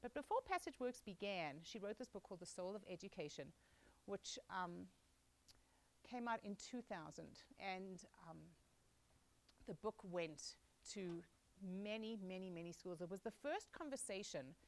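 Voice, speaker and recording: A woman's voice: mid-range voice, lively intonation, a little slow, poor audio. Teacher and guest speaker, woman, 40s, mixed South African accent, chatty, lots of ums. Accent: mixed South African, Australian and American. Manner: warm, chatty, many ums. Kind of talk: public talk to an audience.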